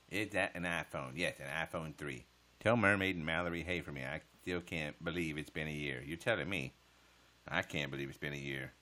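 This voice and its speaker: A man's voice: a bass voice, sharp tone. A man chatting casually on a livestream, answering viewer comments with profane smart-aleck jokes.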